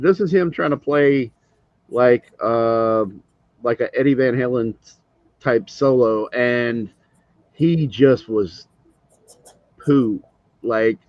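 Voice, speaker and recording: A man's voice: medium pitch, no echo. A man chatting casually on a livestream, explaining things emphatically and with jokes. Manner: emphatic, joking, drawn-out explanations. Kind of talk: casual chat. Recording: dull lo-fi dry audio.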